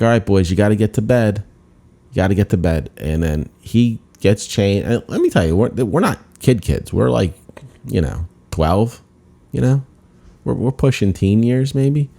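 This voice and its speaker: A comedian hosting his own podcast delivers a casual storytelling monologue in a low, mellow voice. His self-deprecating tale rambles, with lots of restarts.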